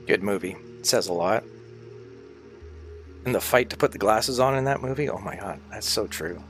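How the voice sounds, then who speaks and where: A man's voice: on the low side, a bit bright. A man chatting casually on a livestream, rambling and swearing freely, sounding tired and sick.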